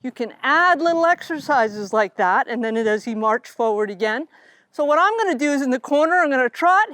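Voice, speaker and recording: A middle-aged woman riding instructor explaining calmly while riding, talking to her horse now and then. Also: high voice, dry recording. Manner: calm, coaching, talks to the horse between explanations. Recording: noisy outdoor recording.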